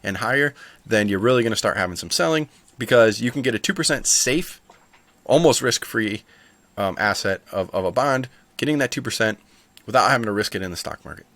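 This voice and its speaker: A man's voice: on the low side, expressive, brisk, fairly bright tone, dry recording. A man hosting a stock market video, chatting casually and thinking aloud with asides. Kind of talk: casual market commentary to camera.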